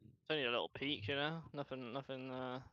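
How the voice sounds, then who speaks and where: A man's voice: medium pitch, steady tone, brisk, clear, resonant tone, no room sound, dull audio. A young man on a voice call with a streamer, swearing and mocking his friends in crude banter. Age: young adult. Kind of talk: casual voice chat banter.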